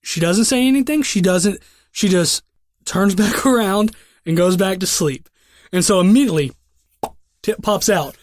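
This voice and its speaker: A young man with a fairly high voice hosts a podcast and spins a loose, profane story in a laid-back way. His speech is full of restarts. The sound is close and dry. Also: measured pace, pauses often, dry recording. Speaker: podcast host. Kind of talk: casual podcast chat and storytelling.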